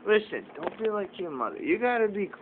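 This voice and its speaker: Dad at home filming his little one, lively sing-song coaxing, lo-fi noisy audio. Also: high-pitched, a little fast. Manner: coaxing, playful baby talk. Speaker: father. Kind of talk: home video, talking to his toddler. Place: family home, indoors. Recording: tinny phone-like audio, noisy.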